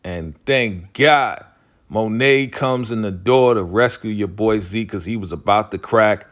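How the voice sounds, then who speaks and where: A man with a fairly low voice retells a TV drama episode in a loose, chatty way. He is slangy and animated, acting out what the characters say. His speech is full of "you know" and "like". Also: unhurried. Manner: animated, slangy storytelling, acts out quoted lines; frequent "you know" and "like" fillers. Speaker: TV episode recap host. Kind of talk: casual TV recap commentary.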